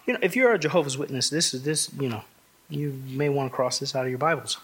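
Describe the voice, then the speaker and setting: A man's voice: on the high side, quick pace, a bit bright, breathy edge. A man preaching an expository sermon, emphatic and conversational, often restarting phrases and asking the congregation rhetorical questions. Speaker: pastor.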